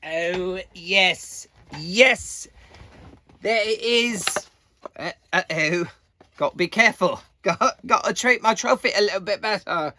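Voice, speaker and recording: Male vlogger, casual update, slow and halting, bright tone. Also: sits high. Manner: halting, many fillers, unhurried. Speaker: air guitarist giving competition updates.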